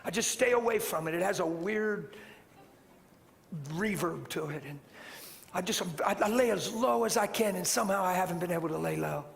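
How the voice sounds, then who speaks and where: Animated high-voiced preacher man. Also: normal speed, gravelly. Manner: animated, rising to shouts. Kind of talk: sermon storytelling. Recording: long hall reverb, faint noise.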